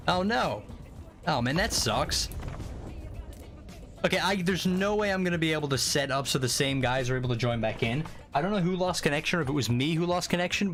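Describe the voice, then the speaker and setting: A man streaming a game, chatting casually with viewers in an excitable, profane, rambling way. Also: fairly high pitch. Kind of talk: casual live-stream chat. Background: faint music.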